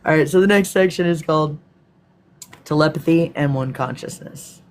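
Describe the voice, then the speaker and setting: A man's voice: on the high side, moderate pace, a little hiss or hum. A man with a Texan accent hosting a live stream, reading from a script and breaking off to answer viewers in a casual, swearing manner. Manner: casual, profane asides to viewers.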